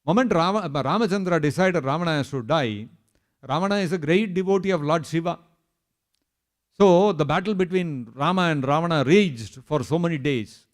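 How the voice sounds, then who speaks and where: A man's voice: fairly high pitch, moderate pace. A man preaching a scripture sermon at a temple, telling stories with emphatic lists and dramatized quotes.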